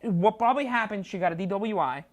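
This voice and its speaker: A woman comedian, speaking fast with a medium-pitched and expressive voice, tells an animated anecdote as a studio guest. She performs both sides of the dialogue, her delivery jumping in big swings.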